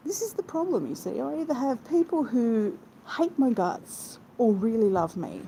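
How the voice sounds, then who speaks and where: A woman chatting with viewers on a live stream, rambling with quick asides. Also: on the high side, darkish tone, rough recording. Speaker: vlogger. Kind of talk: casual live chat while travelling. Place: inside a moving car. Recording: road noise from the car. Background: vehicle noise.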